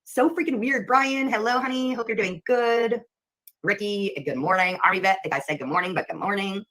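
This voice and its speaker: A woman's voice: mid-range voice, a little fast, fairly bright tone, rough recording. A woman hosting a casual livestream, chatting and greeting viewers by name. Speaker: livestream host.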